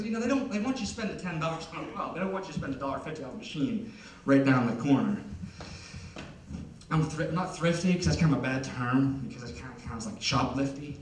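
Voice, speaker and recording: A man's voice: fairly high pitch, slight background noise. Young man rambling through stand-up comedy. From Ohio, USA. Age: young adult. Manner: rambling, self-deprecating, filler-heavy. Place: concert venue on stage. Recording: echoey hall, heard from a distance.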